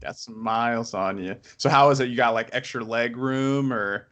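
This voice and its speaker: Easygoing young man with a mid-pitched voice. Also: a bit bright. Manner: easygoing, laughs often, quick reactions. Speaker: podcast co-host. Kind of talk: casual chat.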